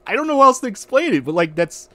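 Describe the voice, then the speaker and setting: A man hosting a podcast rants casually in a very high voice at a quick pace, with no room sound. He's animated and profane, swearing a lot and restarting his sentences often in this livestream-style rant.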